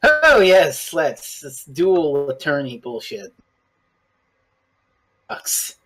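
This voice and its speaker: A podcast guest in a casual review chat, talking in an animated, blunt way and swearing casually. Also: medium pitch, a little slow.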